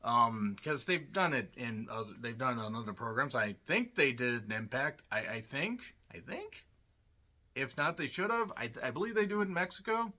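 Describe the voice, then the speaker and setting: A man's voice: mid-range voice, lively intonation, fairly quick, hardly any pauses, sharp tone. A man giving a casual solo review of a wrestling show, blunt and sarcastic, swearing freely and sounding tired.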